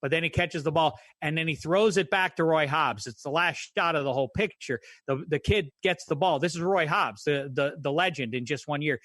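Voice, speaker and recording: Bright-voiced wry man, dry sound. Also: fairly high pitch, brisk, hardly any pauses, no room sound. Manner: wry, digressive film talk. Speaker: podcast co-host. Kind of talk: casual chat.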